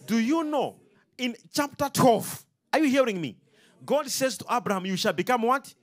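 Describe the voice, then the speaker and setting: Guy preaching a sermon, high pitched, keeps asking the crowd questions, really animated. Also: normal speed, soft background music.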